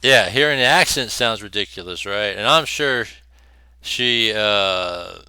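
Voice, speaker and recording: A man's voice: lowish voice, lively intonation, a little slow, pushed and bright, a little hiss or hum. Blunt, cursing male commentator. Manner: blunt, profane, laughing scornfully. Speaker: host. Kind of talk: opinionated commentary over clips.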